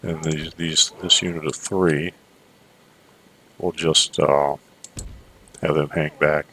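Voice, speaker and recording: A man giving measured strategy gameplay commentary into a desk microphone, thinking aloud with fillers as he plays. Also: rumbling low, flat delivery, fairly bright tone, a little hiss or hum.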